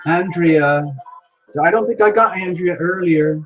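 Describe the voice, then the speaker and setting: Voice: medium pitch, measured pace, muffled recording, soft background music. A live-stream host in casual chat, greeting viewers by name with frequent exclamations and scrambling to keep up with the chat. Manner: excitable, many exclamations, reads viewer names aloud while scrambling to keep up. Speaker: livestream host.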